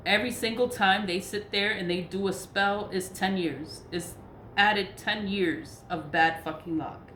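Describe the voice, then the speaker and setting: Speaking a little slowly in a medium-pitched, slightly bright voice, a woman who practices spirituality delivers a blunt, profane vlog rant, laughing between her points. The echoey room adds faint noise.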